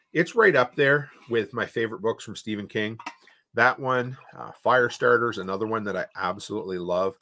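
Eastern Canadian guy, podcast host, mid-pitched, loose and rambling, reads chat aloud. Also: a bit bright. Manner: rambling, reads viewer comments aloud and reacts. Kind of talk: casual livestream chat.

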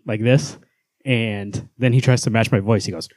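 A man's voice: on the low side, moderate pace, darkish tone, no echo, clean studio sound. Rambling podcast co-host man. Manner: rambling, laughs often, swears casually. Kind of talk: casual chat.

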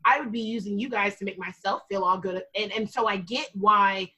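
Woman, casual podcast chat, candid storyteller, bright tense voice. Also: medium pitch, brisk, slightly rough, poor audio. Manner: candid, laughs a lot, storytelling.

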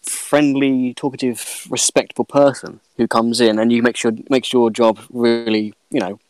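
A man's voice: medium pitch, level tone, moderate pace, a little mellow, no echo. A man co-hosting a casual podcast, chatting in a laid-back way with lots of fillers. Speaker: podcast co-host.

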